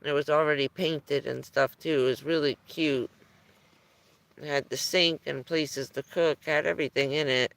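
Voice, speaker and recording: A woman's voice: low voice, fairly even intonation, moderate pace, vocal fry. A woman chatting casually on a live stream, telling rambling stories and chuckling often between phrases.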